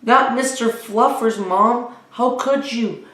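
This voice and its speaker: A man's voice: very high-pitched, takes it slowly, fairly bright tone, voice pushed up, heavily acted. A man doing a whiny, scheming little boy. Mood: pleading, scheming. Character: stubborn little boy bargaining for toys. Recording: roomy echo.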